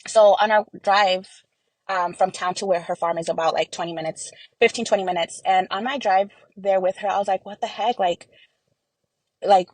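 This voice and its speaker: A woman's voice: medium pitch, fairly even intonation, normal speed, dry recording, rough recording. Woman telling a family story, dry sound. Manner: earnest storytelling with many fillers and quoted dialogue. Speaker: interview guest. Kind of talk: personal testimony in an interview.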